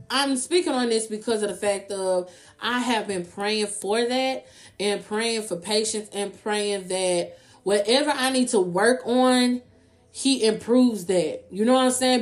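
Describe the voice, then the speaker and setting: A young woman talks straight to her viewers in a casual vlog. Her voice sits a little high. She is blunt and swears freely, and she tags "you know what I'm saying" onto her thoughts. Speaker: vlogger. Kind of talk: casual free talk to viewers.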